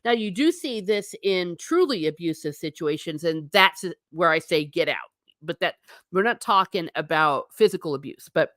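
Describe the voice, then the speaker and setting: A woman's voice: lowish voice, animated, normal speed, fairly bright tone, dry recording. Chatty, emphatic woman host, dry sound. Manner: chatty and emphatic, repeating for effect. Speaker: livestream host. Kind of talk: casual livestream chat reading comments.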